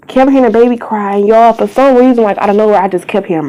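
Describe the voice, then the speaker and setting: A woman's voice: medium pitch, fast, hardly any pauses, warm tone, low-quality recording. A young woman vlogger giving an emotional personal testimony, earnest and pleading, tearful at times, sometimes dropping to a whisper.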